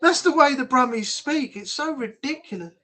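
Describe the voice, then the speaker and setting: Chatty, rambling British livestream host. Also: male voice, very high voice, normal speed, sharp tone. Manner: rambling, chatty, blunt, with frequent restarts. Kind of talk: casual live chat reading comments.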